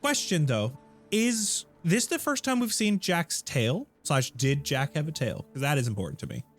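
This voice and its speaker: A man serving as game master, describing scenes with lively narration and wide swings in pitch. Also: moderate pace, soft background music.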